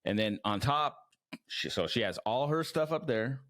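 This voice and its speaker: A man's voice: mid-range voice, expressive, normal speed, fairly bright tone. A man co-hosting a podcast in casual chat, loose and agreeable, with many "yeah, no" and "like" fillers. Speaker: podcast co-host.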